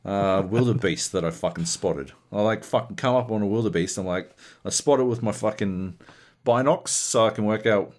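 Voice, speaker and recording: A man co-hosting a casual gaming podcast, telling profane, animated stories about multiplayer sessions. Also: fairly low pitch, normal speed. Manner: profane, animated storytelling with lively put-on voices. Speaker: podcast co-host.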